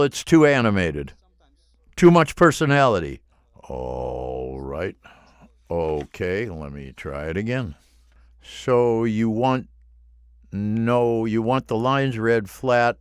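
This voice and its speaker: Man, voice-over session, low pitch, clear resonant tone, conversational, questioning. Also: no echo, clean studio sound. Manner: questioning, conversational, self-aware. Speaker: voice-over narrator. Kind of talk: voice-over recording session, talking with director.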